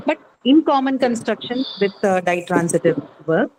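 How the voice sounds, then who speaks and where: A woman's voice: mid-range voice, animated, normal speed, darkish tone, low-quality recording. A woman lecturing a class on English grammar. She explains step by step and keeps asking "right?" to make sure students follow. Faint background noise sits under her voice. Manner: explanatory, checks with frequent "right?". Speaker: English teacher.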